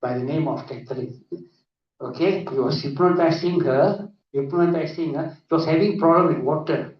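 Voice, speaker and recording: Animated man, echoey hall. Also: fairly high pitch, moderate pace. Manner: animated, often adds 'isn't it?'. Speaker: conference speaker. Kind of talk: lively lecture with anecdotes. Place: conference hall. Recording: echoey hall, distant dull mic.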